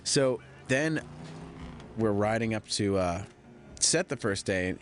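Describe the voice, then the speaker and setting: A man, a film director, giving a DVD audio commentary, telling stories in an animated way and mimicking the people he quotes. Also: lowish voice, takes it slowly. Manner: animated anecdotal storytelling, mimicking others in quoted dialogue.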